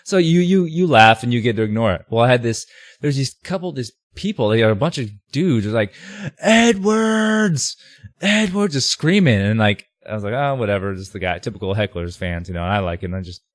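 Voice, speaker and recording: A man on a podcast as a guest, telling a story in casual chat with lots of fillers and loud bursts. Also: on the low side, fast, no echo, clean studio sound. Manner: animated, shouts heckles in quoted voices, many fillers.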